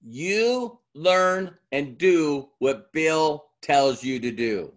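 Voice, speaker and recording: A man's voice: on the high side, expressive, extremely slow. A middle-aged man giving a talk to an audience in a conversational way, acting out both sides of past dialogues as he tells a story. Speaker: motivational speaker.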